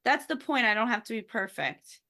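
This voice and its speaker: A woman co-hosting a casual parenting chat, telling stories in an expressive, amused way. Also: a little high, moderate pace. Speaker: podcast co-host.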